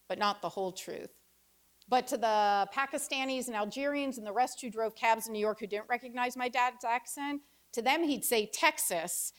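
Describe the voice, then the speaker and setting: A woman in her fifties performing a reflective personal essay with wry storytelling and pauses. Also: mid-range voice. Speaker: author giving a reading.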